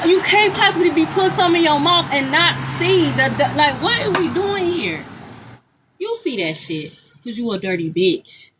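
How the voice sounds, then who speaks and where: A woman's voice: very high-pitched, noisy background. A woman giving a live tarot reading outdoors on a street, talking bluntly and profanely and repeating herself often. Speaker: tarot reader. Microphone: phone livestream.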